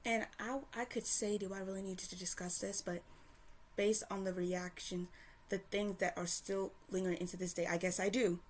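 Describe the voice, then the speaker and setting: A woman's voice: medium pitch, flat delivery, moderate pace, a little hiss or hum. A woman ranting to camera in a casual, heated and profane way, stumbling and restarting often. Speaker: commentator. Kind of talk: casual opinion rant to camera.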